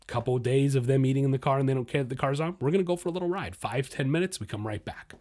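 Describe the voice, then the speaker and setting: A man hosting a dog podcast, giving casual, blunt training advice and talking straight to his listeners. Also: mid-range voice. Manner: blunt, animated, talks straight to listeners as "guys"; acts out a dog's inner voice in quick asides.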